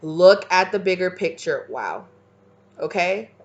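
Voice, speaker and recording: A woman's voice: fairly low pitch, animated, measured pace, lo-fi sound. A woman giving a casual, rambling channeled tarot reading, full of "like" and "okay". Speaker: tarot reader.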